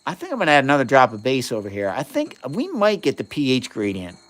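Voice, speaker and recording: A man's voice: mid-range voice, huge pitch swings, fast talker, fairly bright tone. A man in his fifties hosting a casual livestream, doing chemistry experiments and answering viewers' questions with enthusiasm. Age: 50s. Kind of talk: casual live-stream chat while doing experiments.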